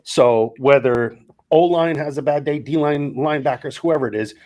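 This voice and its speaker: A middle-aged man co-hosting a podcast, telling lively stories and acting out the quotes. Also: medium pitch, normal speed. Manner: animated storyteller acting out quotes. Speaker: podcast co-host. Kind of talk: casual storytelling chat.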